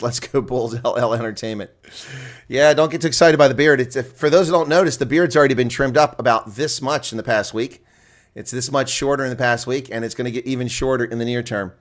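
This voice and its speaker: A man doing live reaction play-by-play of a rugby match, leaping up in excitement at big plays. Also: mid-range voice.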